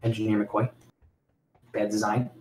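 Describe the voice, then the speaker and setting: A man's voice: on the low side, flat delivery, unhurried, darkish tone, a little hiss or hum. A man giving live commentary on his own speedrun, joking and laughing often. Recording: echoey room, game music behind.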